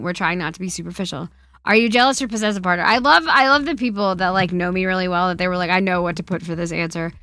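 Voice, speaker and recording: A woman streaming from home, chatting casually with her chat, swearing a lot and swinging between loud outbursts and quiet muttering. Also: medium pitch.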